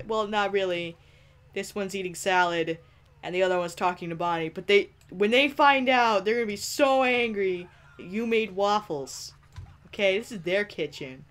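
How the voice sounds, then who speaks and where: A woman's voice: medium pitch, moderate pace, a bit bright. A woman giving playful, giggly gameplay commentary, teasing the characters and talking straight to them on screen. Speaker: let's play host.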